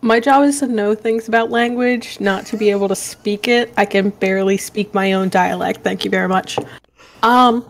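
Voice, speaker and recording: A woman's voice: medium pitch, fairly even intonation, normal speed. A woman playing a tabletop role-playing game, chatty and playful. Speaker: player.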